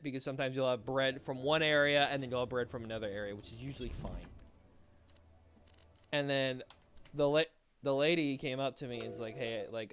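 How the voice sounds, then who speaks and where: A man's voice: mid-range voice, bright, forceful tone, slight background noise. A young man streaming a game, chatting casually in a rambling, laid-back way with lots of swearing and filler words. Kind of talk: casual chat while gaming.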